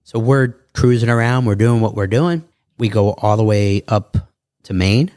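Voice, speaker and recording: A man, a guest on a podcast, telling his life story in a lively way and acting out other people's lines. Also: on the low side, no echo, clean studio sound. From New York. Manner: animated, quick storytelling with acted quotes.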